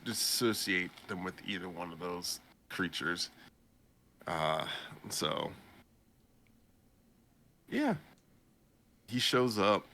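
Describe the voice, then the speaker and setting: Gravelly-voiced man recapping a story. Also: sits low, pushed and bright, slight background noise. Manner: rambling, laughs while he tells it. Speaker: podcast host. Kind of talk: casual chat recapping a story.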